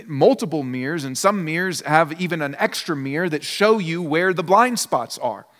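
In a large hall, a man with a fairly high-pitched, somewhat bright voice preaches a sermon as pastor. He's earnest and emphatic, repeating key phrases to give them weight.

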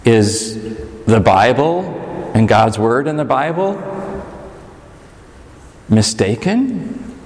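Animated preacher man in an echoey hall. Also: very slow, long pauses, a little hiss or hum. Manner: animated, swings between high urgent and low intimate delivery. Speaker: pastor. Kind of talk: sermon.

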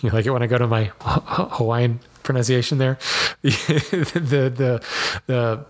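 A man's voice: mid-range voice, fairly even intonation, unhurried. A man hosting a podcast, answering listener mail in a chatty way that often wanders off on side tangents. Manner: rambling, digressive, chatty. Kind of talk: casual podcast talk.

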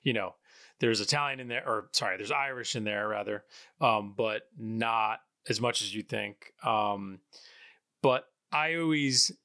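A man's voice: fairly low pitch, measured pace, pushed and bright, dry recording, studio quality. Chatty rambling male podcast host. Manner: rambling, self-correcting, chatty. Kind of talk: casual chat. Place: at home in Pittsburgh, remote call.

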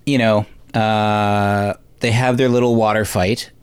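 A man co-hosting a casual movie podcast, retelling scenes and ranting about the ending in a voice that jumps high when worked up. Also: flat delivery, slow pace, clear, resonant tone. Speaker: podcast co-host. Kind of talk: casual movie recap chat.

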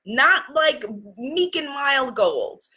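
A high-pitched woman with a bright, sparkling voice hosts a spiritual livestream from a makeshift home studio. She is in her forties and talks effusively, greeting viewers by name and building toward inspirational encouragement. She is picked up through a phone or computer camera mic. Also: very animated, drawn-out words. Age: 40s. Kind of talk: casual livestream talk.

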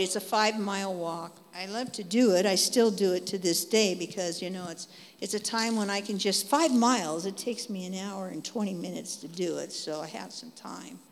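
A woman preaching a testimony sermon, telling her story in lively, animated bursts and repeating phrases for emphasis. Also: medium pitch. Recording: long hall reverb.

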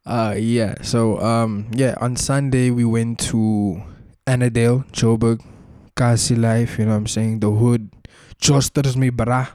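A man's voice: medium pitch, steady tone, unhurried, mellow, dry recording. Slangy young man, dry sound. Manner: slangy, laid-back storytelling with frequent filler tags. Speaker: podcast host. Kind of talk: casual solo podcast chat.

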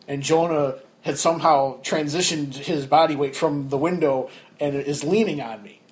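With a voice on the high side and a normal speaking speed, a young podcast co-host shares a story in casual conversation. He's an animated storyteller, performing his friends' voices as he goes.

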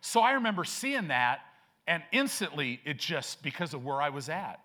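A man's voice: a little high, lively intonation, normal speed, pushed and bright. Older male pastor, conversational sermon. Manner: conversational storytelling, rising to emphatic declarations. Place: church sanctuary.

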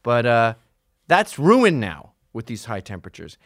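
A middle-aged man delivering a solo podcast monologue in a profane, sarcastic rant. His voice sits in an ordinary middle pitch and sounds dry and close in a studio. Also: huge pitch swings, a little slow, a bit bright, no echo. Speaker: podcast host.

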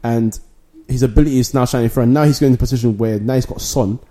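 A man's voice: mid-range voice, warm tone. A man, co-hosting a casual football podcast and making emphatic points. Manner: fast, emphatic, laughs often. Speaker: podcast co-host.

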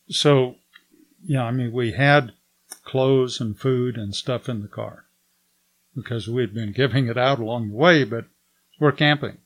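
Older man telling a story. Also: mid-range voice. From United States. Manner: lively storyteller who acts out the dialogue. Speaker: guest giving a testimony. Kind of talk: storytelling testimony.

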